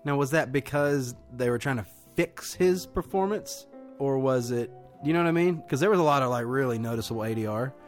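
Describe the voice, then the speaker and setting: A man's voice: medium pitch, a little fast, faint music behind. A man co-hosting a film podcast in casual chat, rambling with lots of fillers and crude slang. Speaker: podcast co-host.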